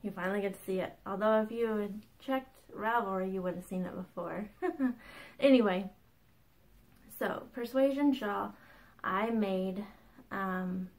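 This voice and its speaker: A woman in her thirties talks to the camera in a relaxed, chatty way, like a craft podcast host catching her viewers up. Her delivery is bubbly and full of small laughs and quick asides, and her pitch sits in an ordinary middle range for a woman. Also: rough recording. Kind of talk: casual chat.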